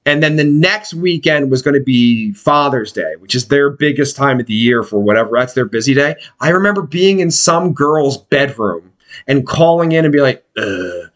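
A man's voice: mid-range voice, moderate pace, a bit bright. A man in his forties from Pennsylvania, telling profane, rambling stories in casual podcast chat. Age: 40s.

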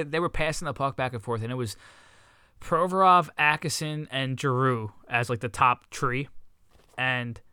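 A man co-hosting a casual sports podcast, talking excitedly with lots of swearing and restarts. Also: a little high, clear, resonant tone, no echo. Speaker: podcast co-host.

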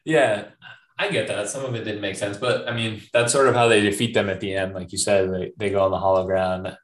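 A man with a fairly low voice co-hosting a laid-back movie podcast. He recaps scenes in a relaxed, conversational way, laughing along with his co-host. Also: a little fast. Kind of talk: casual movie discussion.

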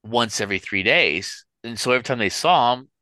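A man's voice: mid-range voice, lively intonation, fairly quick, pushed and bright, no room sound. A middle-aged man, co-hosting a casual chat and rambling through his stories. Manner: rambling storyteller, full of restarts. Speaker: podcast co-host.

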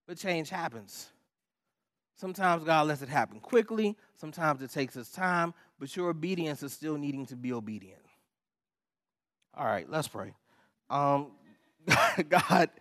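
A man with a fairly high voice delivers a sermon as pastor. He preaches emphatically and repeats short commands, slipping in casual asides. The sound is dry and close. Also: fairly bright tone, dry recording.

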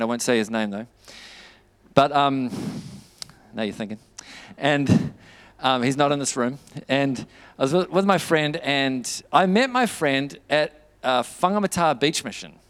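A man's voice: a little high, fairly bright tone. A man preaching a sermon, telling a story with quoted dialogue and building to fervent urging.

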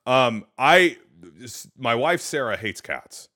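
A man in his thirties hosting a casual podcast chat. He tells animated stories and laughs often. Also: mid-range voice, slow pace. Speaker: podcast host.

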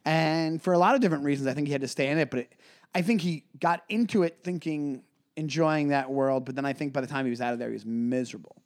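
A young man, a comedian and podcast co-host, talking in relaxed, rambling casual chat and stumbling over his words. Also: on the high side, fast talker.

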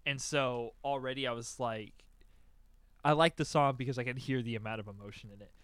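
A young man chatting casually on a podcast, telling a story and acting out his own excited reactions. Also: mid-range voice, a little fast, smooth, no echo. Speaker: podcast co-host. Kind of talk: casual chat, album reaction.

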